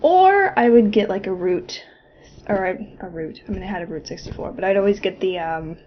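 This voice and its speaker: A woman's voice: mid-range voice, lively intonation, normal speed. Young woman vlogger, casual storyteller, profane and chatty, slightly dull recording with faint background hum. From Florida. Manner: chatty, profane, laughing asides.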